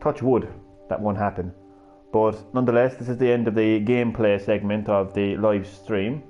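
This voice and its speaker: A young man giving excitable, profane, sarcastic commentary while streaming a fighting game. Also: lowish voice, moderate pace, dull audio. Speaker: gaming streamer. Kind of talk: live gameplay commentary. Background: game music.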